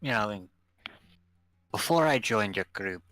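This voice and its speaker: Wry man with a low, bright voice. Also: expressive, a little slow, dry recording. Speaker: player. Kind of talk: playing a tabletop game in character.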